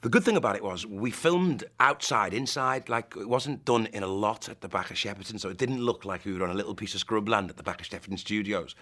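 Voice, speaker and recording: A man in an interview recalling filming in a quick, self-mocking way. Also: on the low side, fairly bright tone. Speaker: actor interviewee. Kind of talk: interview reminiscing.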